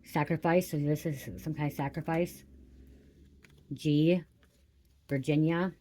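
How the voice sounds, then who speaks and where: Low-voiced woman doing a tarot reading. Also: steady tone, measured pace, dark tone. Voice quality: frequent swearing exclamations. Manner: chatty, addresses viewers directly. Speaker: tarot reader.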